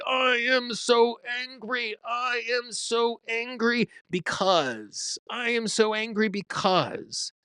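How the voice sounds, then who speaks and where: A man's voice: a little high, fairly bright tone, dry recording. Man teaching tapping, dry sound. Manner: conversational, uses everyday examples. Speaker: tapping teacher and show host. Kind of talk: instructional talk to camera.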